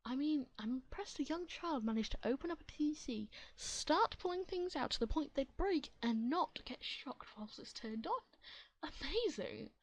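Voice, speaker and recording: A woman who reads online stories aloud in a chatty, giggly, expressive way and adds her own comments. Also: high-pitched, normal speed, rough recording. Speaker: story reader.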